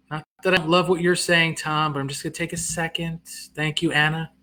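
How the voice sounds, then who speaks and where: A middle-aged male comedian talking loosely on a live stream, with a bright, forceful voice pitched a little high. He reads comments aloud, answers them and laughs at himself. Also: level tone. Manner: self-deprecating, quick to laugh. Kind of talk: casual live-stream chat.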